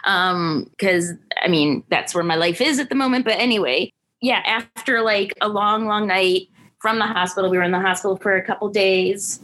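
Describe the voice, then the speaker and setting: A woman's voice: mid-range voice, moderate pace, fairly bright tone. A young woman who is a new mother, telling a casual story in an easygoing way. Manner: tired, easygoing.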